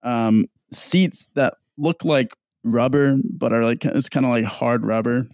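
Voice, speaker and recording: A man's voice: medium pitch, a little slow, no echo, studio quality. Casual young man telling a story. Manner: animated, swearing, acts out others in dialogue.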